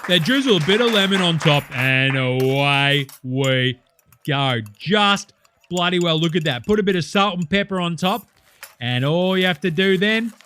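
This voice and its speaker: A man's voice: a little high, expressive, normal speed, sharp tone, slight background noise. A man putting on a brash, sweary, boisterous Australian cooking-show host in a comedy sketch, with hammy showman patter.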